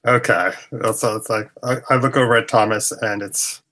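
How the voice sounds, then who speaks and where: A man playing a tabletop role-playing game, talking with halting restarts and repeated words. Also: lowish voice, fairly even intonation, fairly bright tone. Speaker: player. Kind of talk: tabletop role-play, in and out of character.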